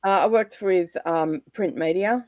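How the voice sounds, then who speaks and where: A chatty middle-aged woman with an Australian accent, talking in a rambling, easygoing way and laughing often. Her voice sits a little low, and the sound is dry and close. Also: measured pace, a little mellow, no room sound, highs cut off. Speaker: livestream guest. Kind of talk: casual chat.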